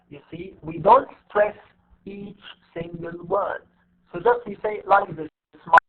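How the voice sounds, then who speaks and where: A man teaching English word stress in an online class, stretching English examples out slowly and explaining quickly in between. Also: high-pitched. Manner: switches between slow, drawn-out English demonstrations and rapid Arabic explanation. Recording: tinny phone-like online audio.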